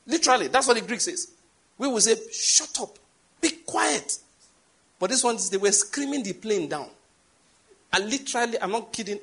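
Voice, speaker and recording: A man preaching with a Nigerian accent relates a story, his voice carrying a breathy edge. He leans on emphatic stress, jumping high and loud whenever he reaches a key word.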